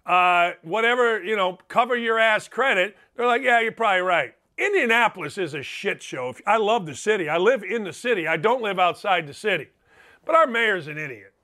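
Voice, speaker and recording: A man's voice: high-pitched, sharp tone. A middle-aged man hosting a sports talk show, delivering a profane, sarcastic rant. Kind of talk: opinionated podcast monologue.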